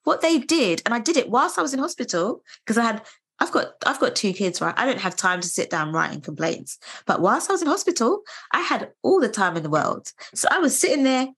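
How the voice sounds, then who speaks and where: A woman in her thirties telling her story in a casual conversation, animated and indignant. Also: on the high side, fairly quick, slightly rough. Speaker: guest sharing her story.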